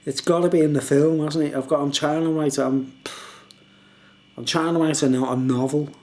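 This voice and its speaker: A man's voice: on the high side, steady tone, a little slow, pauses often, a little mellow. A man telling a rambling story in casual chat, laughing often and checking in with the listener. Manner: laughs often, rambling, asks "you know what I mean". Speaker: vlogger.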